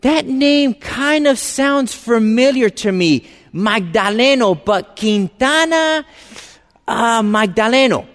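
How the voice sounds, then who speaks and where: A man voicing an excited older man who muses over a half-remembered name. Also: very high-pitched, slow pace, voice pushed up, heavily acted. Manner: excited, musing. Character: excited elderly man, a restaurant owner's father. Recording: reverberant hall.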